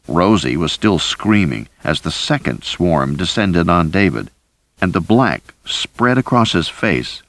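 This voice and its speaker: Deep-voiced man narrating a thriller. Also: no room sound. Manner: deep, steady, lively delivery. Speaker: audiobook narrator. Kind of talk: scripted first-person narration.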